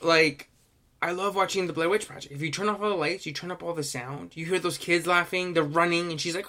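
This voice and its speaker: A young man co-hosting a podcast, chatting casually in animated slang and swearing freely. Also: sits high, fairly quick. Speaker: podcast co-host. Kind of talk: casual chat.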